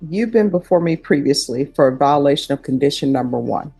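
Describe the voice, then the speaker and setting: A woman's voice: deep voice, expressive, fairly quick, dark tone, slightly rough, soft background music. A woman judge questioning a defendant from the bench, firm and direct. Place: courtroom.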